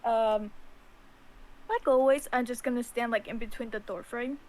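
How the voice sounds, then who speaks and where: A woman playing a tabletop game, chatting casually and quickly. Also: on the high side, fairly even intonation, dark tone. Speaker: player.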